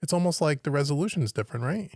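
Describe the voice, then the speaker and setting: A man's voice: fairly high pitch, expressive, racing, a little mellow, dry recording, clean studio sound. A man teaching home recording on a live stream, thinking aloud as he works and puzzling over what he sees on screen. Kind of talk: live-stream software walkthrough. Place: home studio.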